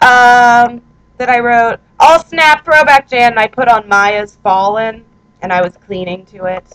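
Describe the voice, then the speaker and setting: A woman's voice: fairly high pitch, flat delivery, measured pace, fairly bright tone, smooth, poor audio. Chatty, rambling young woman vlogger. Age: 20s. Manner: rambling, chatty and self-mocking. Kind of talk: casual chat reading out her own posts. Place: her apartment, indoors. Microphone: handheld recorder.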